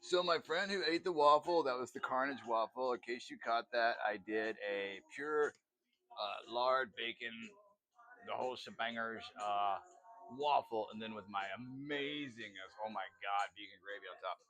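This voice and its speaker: A man's voice: mid-range voice, moderate pace, a bit bright. A man chatting casually while cooking in a home video, rambling with lots of fillers and asides. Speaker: home cook vlogger. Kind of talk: casual cooking vlog chat.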